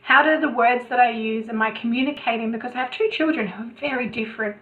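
A woman's voice: on the high side, fast. A woman talking as a podcast guest in a chatty way, restarting her sentences often. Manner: chatty, many restarts, animated asides. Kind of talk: casual interview chat. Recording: tinny phone-like remote call.

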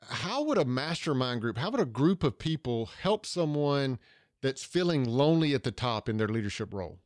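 A man's voice: mid-range voice, sing-song, normal speed, darkish tone, no room sound, clean studio sound. A man with a Southern US accent from Georgia, hosting a podcast interview in an earnest way and often restarting his phrases. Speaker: podcast host.

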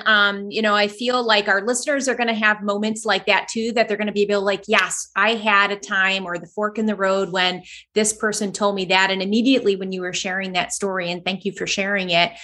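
A woman hosting a podcast interview, enthusiastic and affirming, retelling her own story in an animated way. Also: mid-range voice, moderate pace, few pauses. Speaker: podcast host. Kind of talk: interview conversation.

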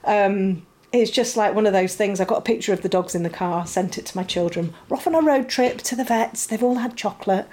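A woman's voice: mid-range voice, a little fast, warm tone, a little hiss or hum. A middle-aged woman, chatting casually and rambling at home as a podcast host, laughing often. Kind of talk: casual chat. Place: home, puppy nearby.

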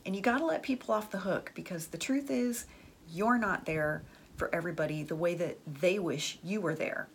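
A woman with a lowish voice talks at normal speed through a faint hiss or hum. She gives blunt, chatty dating advice drawn from friends' stories, repeating "like" and "the truth is" often.

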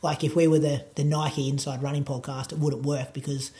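Laid-back Australian man, mellow voice. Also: medium pitch, level tone, fairly quick. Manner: laid-back, rambling, lots of fillers. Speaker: podcast producer and running coach. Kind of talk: casual interview chat.

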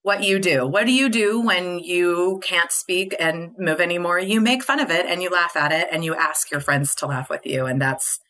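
Her voice on the low side and sharp in tone, a female podcast guest recounts personal experiences at a moderate pace with few pauses. She's chatty and sincere, full of "likes" and "you knows," and laughs often.

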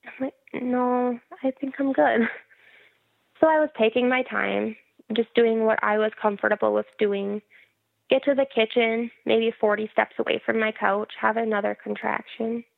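A woman tells her own story in a frank, wry way, often laughing at herself. Her voice sits a little high with a gravelly fry and little pitch movement. The sound is dry and thin, like a phone line. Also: fairly even intonation, normal speed, dry recording. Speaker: guest telling her birth story. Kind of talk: casual storytelling interview.

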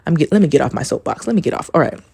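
A woman's voice: deep voice, animated, rapid-fire, vocal fry, darkish tone, breathy edge, no echo, studio quality. A woman hosting a casual solo podcast, telling a story in a rambling way. She fills her talk with "like" and swears casually. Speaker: podcast host.

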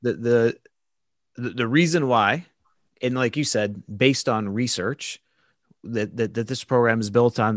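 A man's voice: lowish voice, no room sound. Conversational male podcast host, dry sound. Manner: conversational, warmly reflective, repeats words. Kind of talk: podcast interview.

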